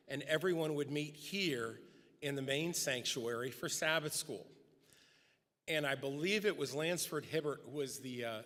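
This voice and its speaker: A middle-aged man giving a eulogy at a memorial service, telling personal anecdotes and acting out quotes, speaking at a podium microphone in a large church sanctuary. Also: fairly bright tone. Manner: storytelling, acting out quotes with rising pitch. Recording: long church hall reverb.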